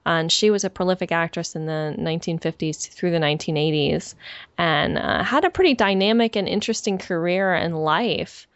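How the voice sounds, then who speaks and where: A woman's voice: on the low side, normal speed, dry recording. A woman co-hosting a podcast in casual chat, talking thoughtfully with frequent ums and easy laughs. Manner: thoughtful, hesitant with many fillers, laughs easily. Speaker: podcast co-host. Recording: dry, slightly lo-fi audio.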